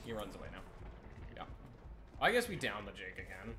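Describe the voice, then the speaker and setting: A man talking through his gameplay in a loose, teasing way, his pitch leaping all over the place when he jokes. His voice sits in a roomy space. A steady layer of noise runs behind him. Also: fairly quick. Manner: playful, chatty, teasing, squeals up high when goofing around. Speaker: gaming streamer. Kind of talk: gameplay commentary. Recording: roomy sound with audible background noise.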